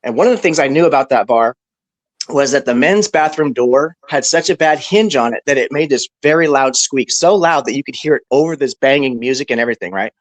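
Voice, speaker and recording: A man on a discussion panel telling a story casually, animated and profane, with lots of "bro" and "right". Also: mid-range voice, fairly quick, dry recording, rough recording.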